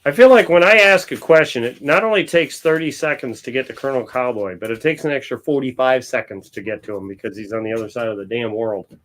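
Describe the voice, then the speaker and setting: A man's voice: medium pitch, fast, fairly bright tone, slight background noise, poor audio. A man from Ohio hosting a casual livestream while hunting through coin rolls, blunt and joking in his crude banter. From Ohio, USA. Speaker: livestream host.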